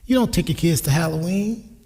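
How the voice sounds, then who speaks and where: A man in his sixties gives a sermon on parenting in a church sanctuary, sharing family stories and voicing his relatives' lines himself. His voice is fairly high, expressive and quick, gravelly and husky with a warm tone, and the church hall reverberates.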